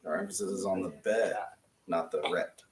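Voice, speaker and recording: A man's voice: low-pitched, fairly even intonation, normal speed, reverberant. A man teaching a Hebrew reading class, patiently modeling syllables one at a time and encouraging his students. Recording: distant mic with faint room noise.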